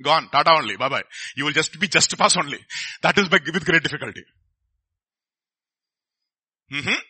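A man's voice: a little high, expressive, fast talker, sharp tone, breathy edge. A middle-aged man, preaching a sermon in a conversational way and often asking the congregation questions.

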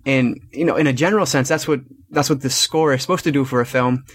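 A man's voice: medium pitch, quick pace, breathy edge, no room sound. Man hosting a film podcast. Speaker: podcast host. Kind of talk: casual film review chat.

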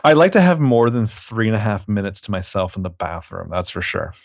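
A man co-hosting a casual film review chat, talking in a halting way full of fillers. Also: lowish voice, big pitch swings, vocal fry, no room sound, muffled recording. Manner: conversational, halting, frequent fillers. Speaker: podcast co-host.

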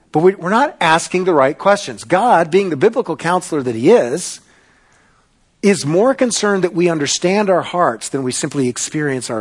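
A man preaching a sermon in a conversational way, putting questions to the congregation. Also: fairly high pitch. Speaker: pastor.

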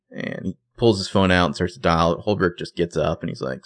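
A man's voice: deep voice, brisk, hardly any pauses, no room sound. A man co-hosting a podcast, recapping a TV episode in laid-back, jokey casual chat.

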